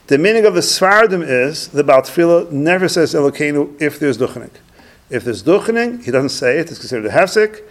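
A man teaching a religious text lesson, reading Hebrew phrases and then translating and explaining them in English, repeating points for emphasis. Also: a little high. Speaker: Torah teacher. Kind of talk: Talmudic-style text study lesson.

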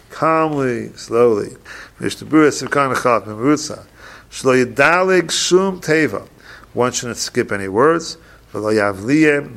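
Gravelly man teaching a text class. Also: mid-range voice, a bit bright. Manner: reads each Hebrew passage slowly, then explains it in quick plain English. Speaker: Torah teacher. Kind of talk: halacha class, reading Hebrew text then translating.

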